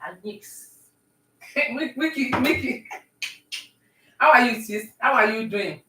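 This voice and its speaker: A woman chatting with viewers on a live stream while she bakes at home, talking warmly and greeting people by name. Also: on the high side, takes it slowly, reverberant, distant mic, slight background noise, low-quality recording. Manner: warm, talkative, talks to viewers by name. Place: home kitchen.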